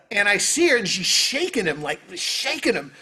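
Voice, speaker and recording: A man, a guest on an interview, telling stories and answering questions in an animated, casual way over a video call. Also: sits high, normal speed, husky. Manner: animated, lots of fillers. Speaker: orchestra trumpeter, interview guest. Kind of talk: casual storytelling.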